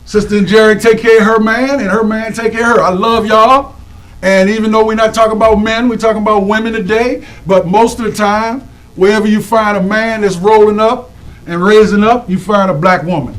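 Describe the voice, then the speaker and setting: A high-voiced man honors women of the community with lively shout-outs to the audience. He's animated and preacherly, using call-and-response and drawing out the names. The recording quality is low.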